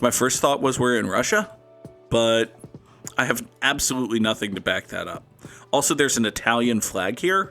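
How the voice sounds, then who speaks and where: A man whose voice is lowish but fairly bright in tone hosts a gaming channel. He gives casual commentary on a guessing game, rambling along in a sarcastic, self-mocking way.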